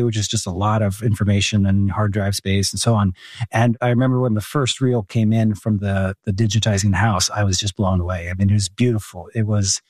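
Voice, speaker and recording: A man's voice: on the low side, darkish tone, dry recording, studio quality. A man, a documentary filmmaker, answering interview questions in an earnest, heartfelt way with frequent restarts. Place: home room.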